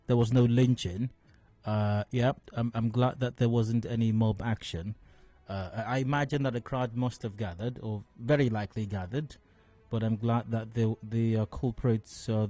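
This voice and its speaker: A man with a Nigerian accent giving radio commentary as a talk show host, measured and full of fillers and restarts. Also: medium pitch, mellow, no echo. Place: radio studio.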